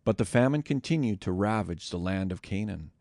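A man narrating scripture in a measured, deliberate scripted reading. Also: fairly low pitch, animated, darkish tone, dry recording, clean studio sound. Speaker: scripture reader.

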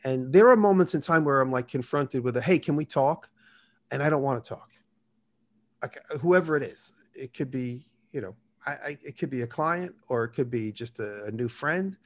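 A man's voice: medium pitch, expressive, moderate pace. A man tells stories in a loose, rambling way during an interview. He slips into the quoted lines of the people in his stories as he goes. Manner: rambling, acts out quoted dialogue. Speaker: guest. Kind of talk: casual storytelling.

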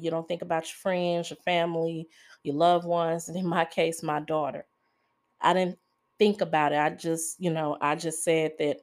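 A woman hosting a podcast, speaking in a confessional monologue, halting and emotional, pausing often and holding back tears. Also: fairly low pitch. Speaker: podcast host.

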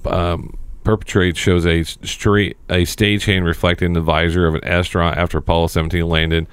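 A man's voice: deep voice, level tone, fairly quick, smooth, dry recording. A man hosting a casual podcast chat, who swears freely and reads items aloud for the others. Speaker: podcast host.

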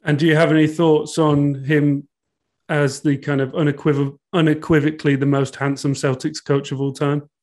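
A man's voice: fairly high pitch, little pitch movement, moderate pace, darkish tone. Man host with a raised voice. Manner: stammering restarts, playful. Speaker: podcast host. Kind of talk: casual interview chat.

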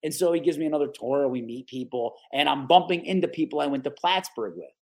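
A man in his forties from the Capital Region of New York, a guest telling stories in a casual, animated interview. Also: on the high side, quick pace. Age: 40s. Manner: animated, lively storyteller who acts out the people he quotes.

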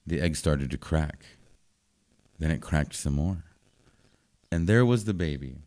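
A man reading a children's storybook aloud in short, simple sentences. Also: a bass voice. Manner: slow, even, simple phrasing for children.

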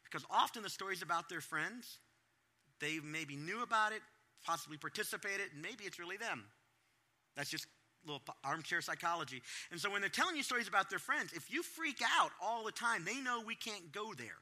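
A middle-aged man preaches to parents in a high, lively voice that leaps up and down as he acts out his own reactions. His tone is bright and forceful, never still for long. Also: a little fast. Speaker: pastor. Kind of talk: sermon to parents.

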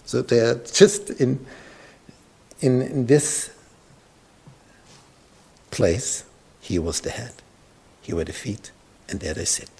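A man's voice: medium pitch, expressive, takes it slowly, gravelly, pauses often, warm tone, breathy edge. A male pastor preaching a sermon, retelling scripture dramatically and dropping into whispers. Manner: dramatic storytelling, sudden drops to whispers; repeats words and restarts.

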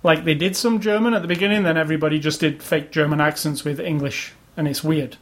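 A man's voice: on the high side, steady tone, quick pace. A man casually chatting about video games as a podcast co-host, opinionated and rambling. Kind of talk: casual chat.

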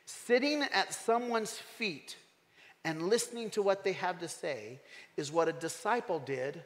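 A man delivers an animated sermon, pressing his points and drawing the congregation in with questions. His voice sits a little high. It rings out with a long reverb through a church hall. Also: a little slow. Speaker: pastor.

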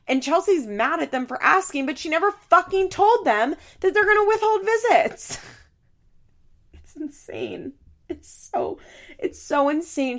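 A woman with a fairly high voice co-hosts a casual podcast and rants her way through a recap. She sounds exasperated, swears freely and slips into exaggerated high-pitched voices to mock the people she talks about. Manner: ranting, exasperated, swears often. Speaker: podcast co-host.

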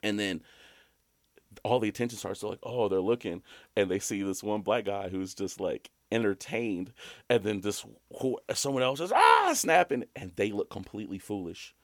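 A man from Alabama talks casually on a podcast, his voice sitting low and recorded dry and close. He tells his stories with animated energy and often breaks into high laughter. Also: normal speed, no echo. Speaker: podcast co-host. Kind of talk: casual chat.

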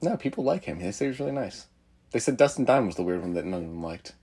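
A man's voice: lowish voice, animated, fast talker, warm tone, husky. A man chatting casually, cutting in with short, dry questions and remarks. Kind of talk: casual banter.

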